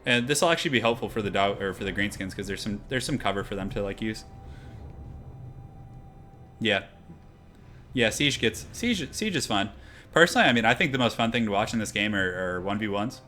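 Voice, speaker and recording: A man's voice: on the low side, a little fast, pauses often, sharp tone, a little hiss or hum. A young man casually chatting through a live stream while setting up a strategy game battle, rambling with lots of fillers. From half Irish heritage.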